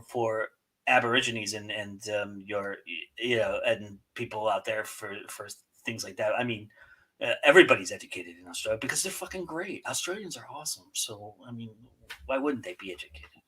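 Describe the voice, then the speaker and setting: Forceful, bright-voiced male show host. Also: mid-range voice, normal speed, husky. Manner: rambling, restarts sentences, jokey. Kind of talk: casual chat on a live show.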